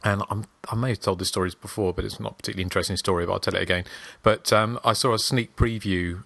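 Low-voiced man, dry and close. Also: fairly even intonation, rapid-fire, gravelly, a bit bright, no echo. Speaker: podcast co-host. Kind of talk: casual storytelling.

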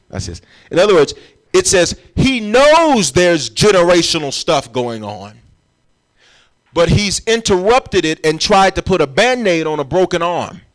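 A man's voice: high voice, very animated, a little slow. A man preaching a sermon as pastor, emphatic and urging his congregation along as he explains scripture. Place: church.

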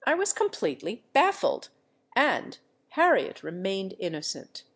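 A woman reading the part of a remorseful aristocratic nobleman in an audiobook, in measured, earnest storytelling. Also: mid-range voice, wildly swooping pitch, breathy edge, heavily acted. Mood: confessing.

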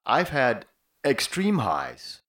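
A man's voice: medium pitch, huge pitch swings, slow, a bit bright. A male musician hosting a casual interview, talking in a reflective, conversational way. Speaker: host musician.

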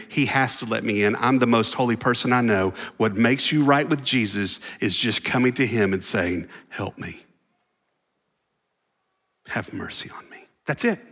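Man preaching, animated, acts out voices, hushed asides, mid pitch, long hall reverb. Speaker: pastor. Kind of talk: sermon.

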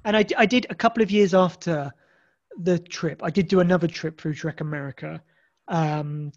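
A man's voice: a little high, moderate pace. An English man chatting as a podcast guest, rambling with many restarts and fillers. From England. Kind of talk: casual podcast conversation. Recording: dull lo-fi sound.

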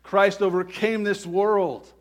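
A man's voice: sits high, little pitch movement, slow. A man preaching a sermon earnestly, often checking in with the congregation by asking "right?". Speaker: pastor.

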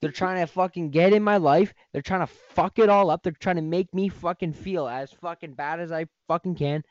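A man's voice: high voice, normal speed, dry recording, muffled recording. A man hosting a podcast, ranting in a heated, profane, rambling way. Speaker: podcast host. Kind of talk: casual podcast rant.

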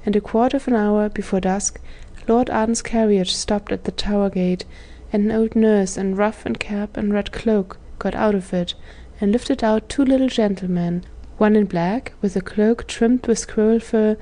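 Woman, audiobook narrator, mellow warm tone, steady storytelling, light character voices. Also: medium pitch, normal speed, few pauses. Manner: reads with gentle character voices. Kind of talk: scripted narration.

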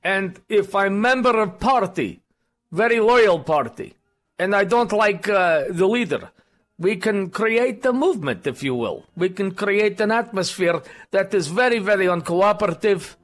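A man's voice: sits high, lightly acted. A man voicing a mock Russian party loyalist in a put-on Russian accent, speaking in broken, mock-earnest grammar.

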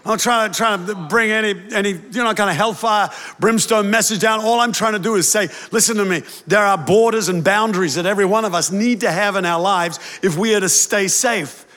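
A man preaching a sermon with emphatic delivery, sometimes raising his voice. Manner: emphatic preaching, quick shifts to louder, higher lines. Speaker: pastor. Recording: long hall reverb.

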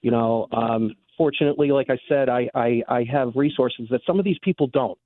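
A man's voice: medium pitch, no room sound. A man calls in to a radio show over a thin, phone-like line, his voice dry and close. He speaks earnestly and with strong feeling, stumbling over restarts as he gets emotional. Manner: upset, earnest, halting with restarts. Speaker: caller.

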